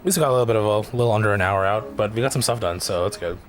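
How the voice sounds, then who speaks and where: A man's voice: lowish voice, rapid-fire, faint music behind. A man streaming a video game, chatting casually and rambling about his progress. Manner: relaxed, rambling.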